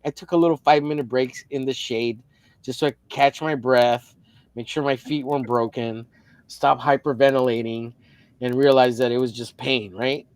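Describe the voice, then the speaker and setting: A man's voice: mid-range voice, fairly even intonation, normal speed, no echo. Profane, rambling man telling a story. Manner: profane, rambling, restarts a lot. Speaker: co-host of a drawing livestream. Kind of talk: casual storytelling chat.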